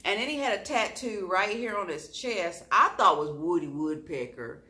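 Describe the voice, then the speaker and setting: A woman vlogger telling a storytime in a lively, expressive way, laughing at her own story. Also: lowish voice, moderate pace.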